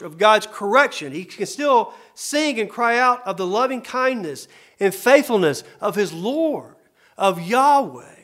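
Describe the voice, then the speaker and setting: A man preaching a sermon as a pastor, earnest and repetitive for emphasis, dropping to soft murmurs and rising to loud, emphatic cries. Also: high voice. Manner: earnest, repeats phrases for emphasis.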